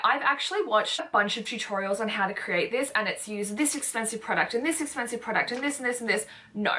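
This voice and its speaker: A woman's voice: mid-range voice, bright, forceful tone. A young woman chatting through a beauty tutorial, bubbly and emphatic, with lots of repeated words for stress. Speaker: beauty vlogger. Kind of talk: casual makeup tutorial talk.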